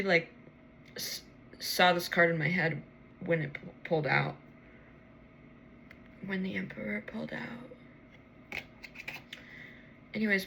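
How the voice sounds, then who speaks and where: Sleepy woman vlogging a late-night tarot pull, crisp bright voice with vocal fry, talks to herself and curses a lot. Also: on the low side, a little hiss or hum. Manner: rambling, swears freely, talks to herself. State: tired, yawning. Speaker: tarot reader.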